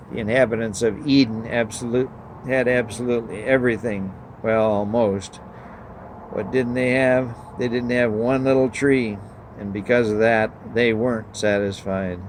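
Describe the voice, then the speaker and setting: A man reading a story aloud and then preaching a sermon, measured, asking the listeners questions. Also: medium pitch, slight background noise, rough recording.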